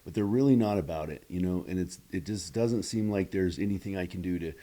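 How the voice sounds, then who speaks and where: A man's voice: low voice, a little fast, dark tone. A man hosting a podcast, asking long, rambling questions full of restarts in a casual interview chat. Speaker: podcast host.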